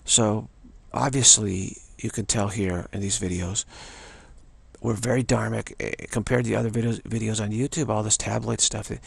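A dry recording captures a spiritual teacher's slow, repetitive dharma talk in a fairly low, steady, gravelly and husky voice. He often starts over and chants a soft "wow" as a refrain.

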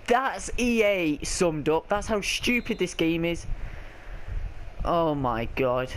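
A young man talks over his football game as it unfolds, his pitch jumping up and down as he gets frustrated with the players and referee. He swears often and rants at what happens on screen, with a faint hiss in the background of the recording. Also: a bit bright. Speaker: gaming video creator. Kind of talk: live gameplay commentary.

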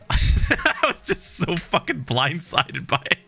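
A man's voice: a little high, sing-song, takes it slowly, gravelly, sharp tone, faint music behind. A man in his thirties chatting casually on a livestream, swearing freely and muttering little sound effects while he builds. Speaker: streamer.

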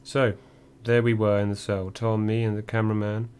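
A man reading a first-person memoir audiobook in a measured, dry storytelling manner. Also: fairly low pitch, flat delivery, darkish tone, smooth. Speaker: audiobook narrator.

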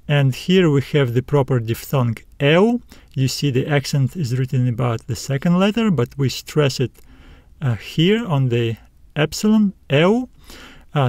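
Slow, careful male language teacher. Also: on the high side, a little mellow, dry recording, clean studio sound. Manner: slow, careful enunciation, spelling out letters. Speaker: Greek teacher. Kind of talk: recorded video lesson.

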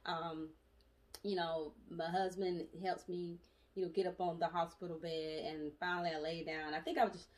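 A young adult woman telling her story in a casual, animated vlog, chatty and full of asides. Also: fairly low pitch, fairly quick. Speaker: vlogger. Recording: voice distant from the mic.

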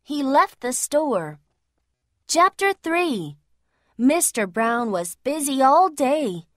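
Slow, lively woman reading a storybook. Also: high voice, no echo, studio quality. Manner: slow, clear and expressive. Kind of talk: reading a children's storybook aloud.

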